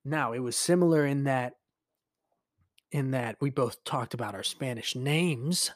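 A young man tells a story casually as a podcast host, swearing freely and leaning on fillers as he animates the retelling. His voice sits at an ordinary middle pitch, and the sound is close and dry with no room echo. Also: a little slow.

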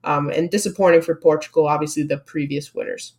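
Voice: mid-range voice, fairly even intonation, fairly quick, darkish tone. Co-host running through match results. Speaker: podcast co-host. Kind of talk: casual sports chat.

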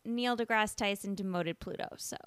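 A woman co-hosting a casual podcast, upbeat and quick to react, telling stories from her music gigs. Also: mid-range voice, a bit bright, smooth, dry recording. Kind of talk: casual chat.

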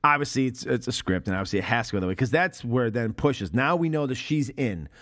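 A man in his forties co-hosting a casual film podcast, animated and profane, acting out quotes and laughing as he goes. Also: mid-range voice, fast. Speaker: podcast co-host.

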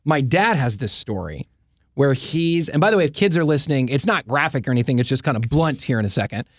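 A man's voice: medium pitch, quick pace, no echo, studio quality. A man co-hosting a casual chat, telling stories and acting out the people in them. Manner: animated, acts out quoted voices. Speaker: co-host.

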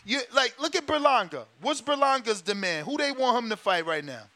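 Male boxing talk host, sharp bright tone, casual emphatic rant full of repetition and swearing. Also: very high-pitched, animated, fairly quick, dry recording. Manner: emphatic, profane, repeats himself.

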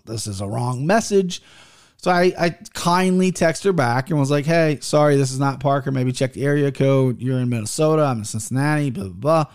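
Fairly quick and medium-pitched with a darkish tone, this thirty-something podcast host rambles through casual stories, swearing freely and frequently starting over.

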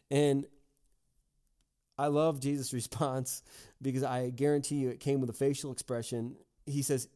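An earnest male pastor preaching a devotional message in a mellow, warm voice at a middle pitch. He often repeats words and fills pauses with "uh" and "um" as he works through his points. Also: fairly even intonation. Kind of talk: devotional sermon.

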